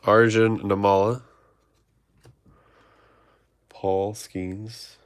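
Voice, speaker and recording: A man's voice: on the low side, little pitch movement, drawn-out words, clean tone. A man hosting a trading card break, reading off player names and chatting with viewers. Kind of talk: live card-opening stream chat.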